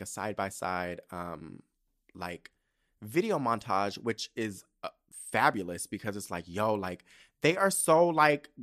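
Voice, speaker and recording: A man hosting a solo podcast, ranting in a sassy, profane, casual way with big swings in pitch and loudness. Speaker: podcast host.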